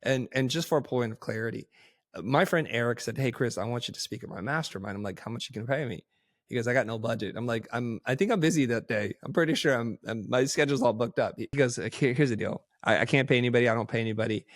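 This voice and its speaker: A man guesting on a podcast, telling stories in a casual, animated way and acting out quoted dialogue. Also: medium pitch, quick pace, no echo, clean studio sound. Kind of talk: casual storytelling.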